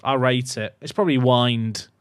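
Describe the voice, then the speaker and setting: A young man giving casual, excitable commentary on his game to his chat, swinging from muttering to loud outbursts. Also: medium pitch, normal speed, clean tone, no room sound. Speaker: gaming YouTuber.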